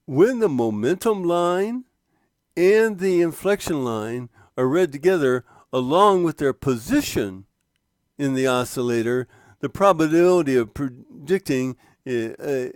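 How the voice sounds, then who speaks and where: Slow, halting man explaining charts. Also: medium pitch, lively intonation, darkish tone, dry recording, clean studio sound. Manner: slow, halting, many fillers and restarts, pointing at a chart. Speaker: trading instructor. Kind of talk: screen-share walkthrough of a trading indicator.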